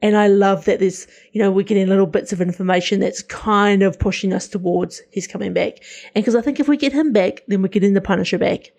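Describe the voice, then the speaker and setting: A woman co-hosting a casual podcast, talking with eager enthusiasm and frequent restarts. Her voice is warm and mellow rather than bright. She sits at a medium pitch. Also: a little fast, gravelly. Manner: enthusiastic, chatty, many restarts. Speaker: podcast co-host. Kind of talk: casual pop-culture chat.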